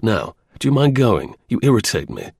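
A man reading the part of a blunt, restless young gentleman, in a clipped upper-class manner. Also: mid-range voice, big pitch swings, moderate pace, vocal fry, breathy edge, no room sound, clean studio sound, exaggerated voice.

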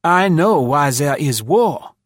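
A man's voice: a little high, expressive, takes it slowly, no echo, clean studio sound, voice pushed up. A man voicing a dashing young French officer. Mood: exuberant.

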